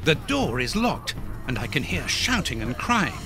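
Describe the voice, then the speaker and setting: Earnest doctor sidekick in a game, formal, lively pitch. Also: male voice, unhurried, background noise. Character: earnest male doctor companion. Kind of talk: video game voice acting.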